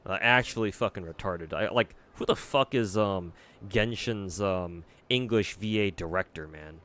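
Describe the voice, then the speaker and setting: A man's voice: low-pitched, measured pace, few pauses, a bit bright. A man streaming a game, chatting casually and reacting bluntly to viewer comments, with lots of swearing and filler words. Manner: blunt and profane, drawling with many fillers.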